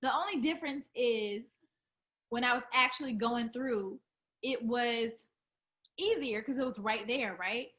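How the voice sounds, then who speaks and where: A woman's voice: fairly high pitch, unhurried, fairly bright tone. A young woman who sings R&B, chatting casually in an interview, full of fillers and restarts. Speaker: R&B singer, interview guest.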